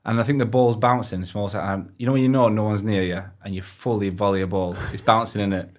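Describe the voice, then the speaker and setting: A man with a northern English accent tells football stories in relaxed podcast chat. His voice sits fairly low. He talks at a quick clip and chuckles along as he goes. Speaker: guest footballer.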